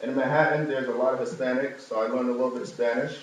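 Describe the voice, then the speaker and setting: A man's voice: very fast, slight background noise. Casting: young man from new york, storytelling testimony, heard from far off in a very echoey hall. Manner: storytelling, humorous asides, animated rises in pitch. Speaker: speaker giving a testimony. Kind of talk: personal testimony to a live audience.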